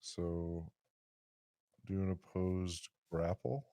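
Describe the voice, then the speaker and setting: Low voiced guy dming a tabletop game, patient, explains every roll. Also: flat delivery, extremely slow, dark tone, smooth, dry recording, studio quality. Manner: patient, explains rules step by step. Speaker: dungeon master. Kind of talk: running a tabletop game over voice chat.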